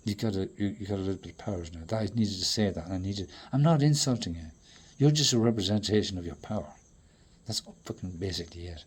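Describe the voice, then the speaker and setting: A man in a rambling, profane monologue that swings between loud outbursts and low mutters. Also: expressive, fast, slightly rough.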